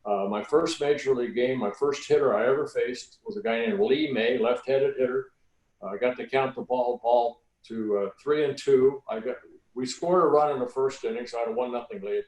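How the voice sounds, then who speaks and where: A man in his sixties, a former pitcher, telling relaxed anecdotes as a podcast guest, with frequent "uh" and "you know". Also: normal speed. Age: 60s. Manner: relaxed anecdotal storytelling with many fillers. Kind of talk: storytelling in a podcast interview. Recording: roomy echo.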